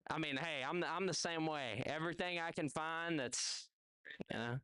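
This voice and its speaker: A man's voice: a little high, moderate pace, pushed and bright, smooth, no room sound. A man with a Southern US accent hosting a live golf competition, giving chatty play-by-play and chatting with contestants. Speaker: event host. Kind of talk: live event commentary. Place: outdoor golf event.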